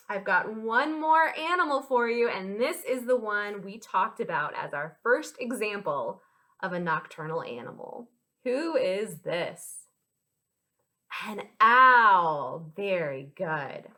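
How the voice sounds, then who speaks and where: At storytime, a young American librarian takes it slowly with her medium-pitched voice as she leads a group of small children. She sounds animated and encouraging, with a sing-song lilt.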